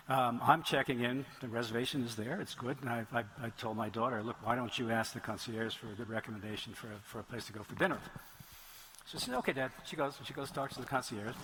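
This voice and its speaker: A man's voice: medium pitch, a bit bright, slight background noise, rough recording. Rambling middle-aged man telling anecdotes. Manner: rambling storyteller, frequent restarts and digressions. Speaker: author speaking at a writers' conference. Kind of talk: anecdotal Q&A talk. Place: stage in a large venue.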